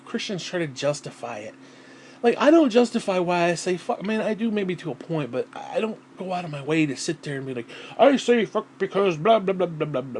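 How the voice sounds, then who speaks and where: A man ranting to camera in a vlog, blunt and heavy on swearing, sighing and clearing his throat between thoughts. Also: high-pitched, slight background noise. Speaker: vlogger. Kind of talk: profane personal rant to camera.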